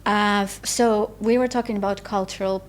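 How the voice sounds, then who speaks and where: A woman hosting a podcast interview, speaking earnestly and haltingly, with non-native phrasing. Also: medium pitch, steady tone, slight background noise. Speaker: podcast host. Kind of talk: interview conversation.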